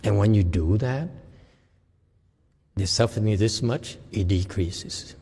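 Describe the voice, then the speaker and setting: A man's voice: fairly low pitch, measured pace, mellow, slightly rough, big-room sound. A man as a Chan meditation teacher giving a dharma talk to a group, laughing often and checking in with "okay?".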